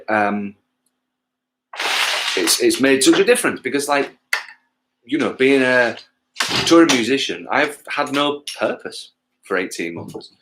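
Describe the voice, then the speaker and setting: A man's voice: mid-range voice, background noise. A man from England, a touring musician, chatting casually to livestream viewers between songs, rambling and losing his thread, with casual swearing and self-mocking jokes. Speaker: musician hosting a livestream gig.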